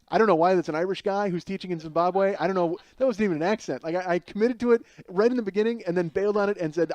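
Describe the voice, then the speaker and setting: A man's voice: high voice, fast talker, darkish tone, no room sound. A man hosting a podcast, riffing in a rambling, sarcastic comic monologue full of restarts and asides. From Chicago area. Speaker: podcast host. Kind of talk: casual comedic monologue.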